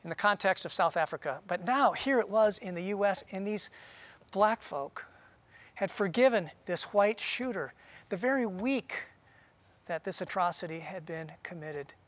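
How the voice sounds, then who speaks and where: A man preaching a sermon in an earnest, conversational way, often pausing with "uh". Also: high-pitched, expressive, fairly bright tone. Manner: earnest, conversational, with frequent "uh" pauses. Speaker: pastor.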